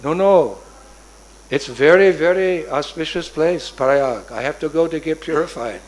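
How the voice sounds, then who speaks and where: A man voicing a gentle village chief who calmly answers his little son, as part of a storytelling sermon. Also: on the high side, natural voice, low-quality recording. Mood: patient. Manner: slow, patient, soothing.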